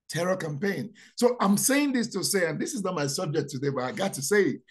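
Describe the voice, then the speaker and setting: A man preaching a sermon, repeating key phrases and asking rhetorical questions, dropping to quiet asides then rising to loud proclamations. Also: animated, fairly quick, few pauses, breathy edge. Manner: dramatic, swings from low asides to loud proclamations.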